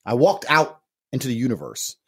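A man's voice: mid-range voice, very animated, a little fast, husky. A man co-hosting a podcast in brash, bragging, hyped banter, cursing freely. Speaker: podcast co-host. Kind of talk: casual boastful podcast banter.

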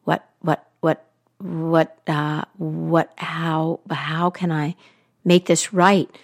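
A woman's voice: lowish voice, flat delivery, slow pace, dry recording, studio quality. A woman doing a frightened, stammering queen. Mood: panicked. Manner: stuttering, panicked. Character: frightened mortal queen, young mother, woman.

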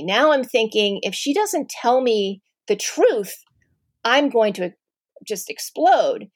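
A middle-aged woman telling a personal family story to an audience, candid and animated, with many ums and restarts. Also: on the high side, slow pace, dry recording, clean studio sound.

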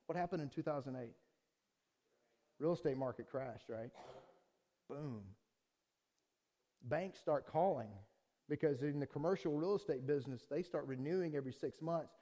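A middle-aged man preaching as a pastor, telling a personal story in a conversational style that swings from quiet asides to loud, heated outbursts. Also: a little high, normal speed, pauses often. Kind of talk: sermon with personal testimony.

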